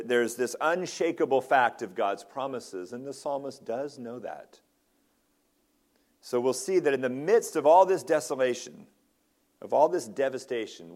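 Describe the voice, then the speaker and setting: A man's voice: mid-range voice, darkish tone. A man, a ruling elder, preaching an earnest expository sermon in a church, often restarting his phrases. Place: church sanctuary.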